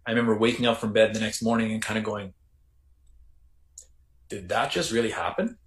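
A Canadian man, a former correctional officer, recounting his story in a reflective, halting way with many restarts. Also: fairly low pitch, fairly even intonation. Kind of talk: casual storytelling interview. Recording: roomy echo.

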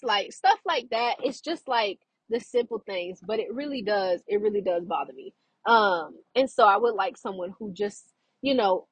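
A woman's voice: a little high, slightly rough, no echo, low-quality recording. A young woman, chatting animatedly to camera, full of fillers and laughs. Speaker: vlogger. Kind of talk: casual chat to camera.

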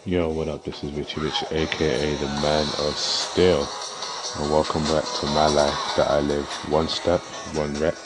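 A man's voice: a bass voice, little pitch movement, normal speed, over loud music. A man hosting his own vlog, greeting viewers with a hyped, upbeat manner. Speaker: vlogger. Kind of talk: casual vlog intro.

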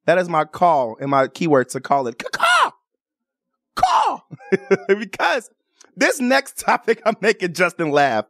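A Chicago woman hosts a radio and TV talk show from a radio studio, chatting casually and breaking into animated, playful, theatrical cries and bird calls. Her voice is fairly low-pitched and moderately paced. The recording is dry, with clean studio sound.

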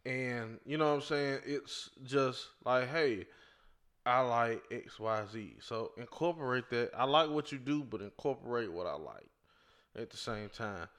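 Blunt, animated man in casual chat. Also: medium pitch. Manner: blunt, animated, repeats "listen" to take the floor.

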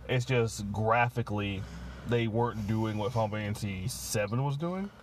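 A man's voice: lowish voice, normal speed, a little hiss or hum. A man co-hosting a casual podcast, rambling with many fillers and restarts as he chats. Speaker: podcast co-host. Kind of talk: casual chat.

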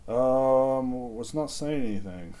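A man's voice: medium pitch, warm tone. A man hosting a casual solo podcast, rambling and swearing as he talks to himself. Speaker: podcast host.

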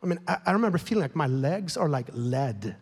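Male pastor preaching, emotional storyteller, higher-pitched, long hall reverb. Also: big pitch swings, fairly quick, slightly rough. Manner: emotional, grows louder and more heated, whispers at times. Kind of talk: sermon storytelling.

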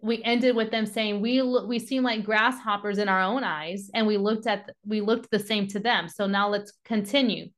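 A woman's voice: mid-range voice, fairly even intonation, moderate pace, few pauses. A woman giving a devotional Bible teaching, reading scripture aloud and then urging listeners on with rising passion. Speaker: devotional podcast speaker.

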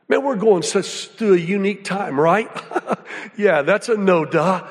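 Male preacher with a high voice, lively folksy storyteller, reverberant hall. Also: a little slow. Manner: animated storytelling, folksy, drops to hushed awe. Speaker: guest speaker. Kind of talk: sermon.

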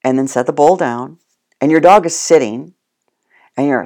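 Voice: medium pitch, moderate pace, darkish tone. A dog trainer giving casual spoken instruction, plain-spoken and addressing the listener directly.

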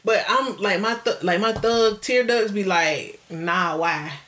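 A woman co-hosting a casual podcast, chatting in a playful, animated way and laughing often. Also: mid-range voice, measured pace. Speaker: podcast co-host. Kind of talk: casual chat.

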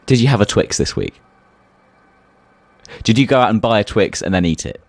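A man co-hosting a comedic podcast, lively and playfully mock-outraged, laughing often. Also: fairly low pitch, normal speed, gravelly. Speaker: podcast co-host. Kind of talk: casual comedic podcast chat.

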